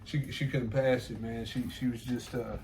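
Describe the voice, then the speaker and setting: A man with an ordinary middle-pitched voice rambles through a casual monologue. He swears freely and laughs to himself between repeated phrases. A faint hiss sits under the recording. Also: little pitch movement, moderate pace. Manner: profane, repetitive, laughing asides.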